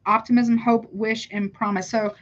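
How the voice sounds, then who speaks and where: A woman's voice: a little high, flat delivery, moderate pace, muffled recording. A woman giving a live tarot reading, talking casually to her viewers and calling them honey. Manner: chatty, calls viewers honey, self-interrupting. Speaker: tarot reader.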